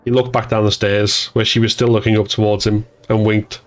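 A man narrating an audiobook in an even, measured storytelling voice. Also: lowish voice, soft background music.

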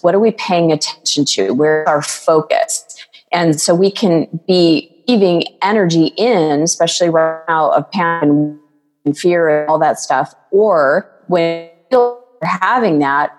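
A woman's voice: deep voice, a little mellow, long reverb tail. A woman guest coach talking earnestly in a podcast interview, telling stories with plenty of fillers. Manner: earnest, storytelling with many fillers.

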